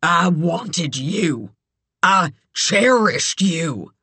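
A reader voicing a possessive, volatile man in an audiobook thriller, speaking slowly and low with sudden shouts. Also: very animated, dry recording, full character voice. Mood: obsessive. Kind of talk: audiobook character voice.

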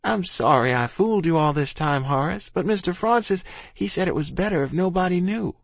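A man's voice: high voice, animated, fairly quick, vocal fry, no room sound, voice pushed up, heavily acted. A man voicing a stubborn eleven-year-old girl who talks in a folksy rural dialect. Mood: earnest.

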